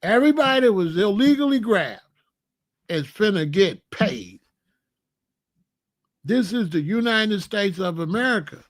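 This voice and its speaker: A man's voice: high voice, lively intonation, a little slow, pauses often. A man hosting his own commentary channel, joking and bragging in a casual, streetwise rant.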